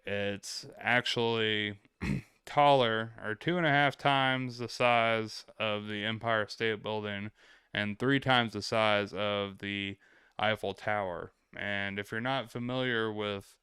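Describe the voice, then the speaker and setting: Bright, clear-voiced man telling travel stories. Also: fairly low pitch, steady tone, slow pace, dry recording, clean studio sound. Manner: laid-back, rambling, swears freely. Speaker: vlog host. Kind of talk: casual travel storytelling.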